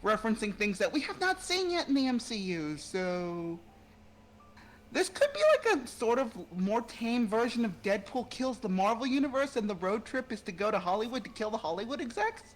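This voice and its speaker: Enthusiastic panelist, casual chat, laughs often, middle pitch. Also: expressive, moderate pace, a little hiss or hum.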